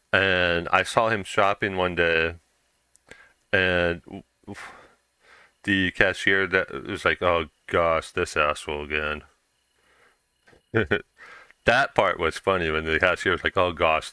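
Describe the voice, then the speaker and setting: A man's voice: low voice, sharp tone, clean tone, no room sound. A young man chatting casually while streaming a game, rambling through a story with lots of fillers and restarts.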